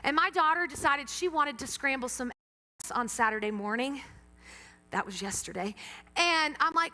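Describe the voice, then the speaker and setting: In a church sanctuary, a middle-aged woman pastor delivers a sermon, telling stories animatedly and acting out her own reactions. Her fairly high voice is sharp, fairly quick and lively in intonation, and a long hall reverb fills the recording.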